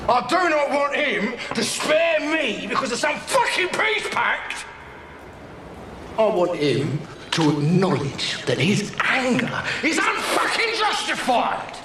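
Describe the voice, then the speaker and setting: A volatile, foul-mouthed gangster in a TV drama, his voice pitched high and swinging wildly up and down. He rambles, swears and snaps into shouts, heard in an echoey room over steady background noise. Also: slow, heavily acted. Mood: ranting. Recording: echoey film scene with ambient noise.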